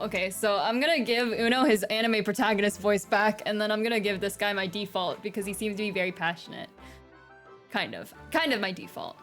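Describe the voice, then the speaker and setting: A woman's voice: medium pitch, brisk, fairly bright tone, faint music behind. A woman chatting casually with giggly asides while streaming a game.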